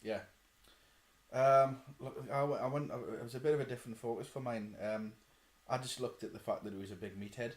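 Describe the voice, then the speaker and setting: A man's voice: medium pitch, steady tone, a little fast. An easygoing man co-hosts a podcast, agreeing and laughing along. His voice sits in a mid range and echoes around the room. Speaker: podcast co-host. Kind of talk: casual chat.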